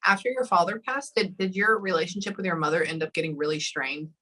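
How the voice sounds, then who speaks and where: A woman's voice: on the low side, pushed and bright, breathy edge, rough recording. A woman working as a psychic medium during a live reading session, often stopping to say hold on and um. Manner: halting, often pausing with hold on and um.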